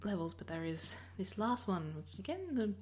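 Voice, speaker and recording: A woman's voice: medium pitch, very animated, normal speed, a little mellow. Australian woman narrating her own gameplay, talkative and meandering, mid-range voice, slight hiss behind. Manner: rambling, self-interrupting, chatty. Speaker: Minecraft let's player. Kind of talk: casual gameplay commentary.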